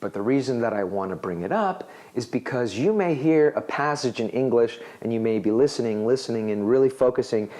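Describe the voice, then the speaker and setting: A man teaching an English phrase in a video lesson, his pitch swinging up and down as he talks. He explains things lively and jumps into acted-out example lines. His voice sits in a middle register. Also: a little fast, few pauses. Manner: animated, acts out example dialogues.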